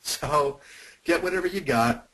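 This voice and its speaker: A man's voice: fairly high pitch, a little slow, sharp tone, slightly rough, poor audio. A man presenting a sales webinar, speaking emphatically and addressing his listeners directly. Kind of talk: teaching webinar call.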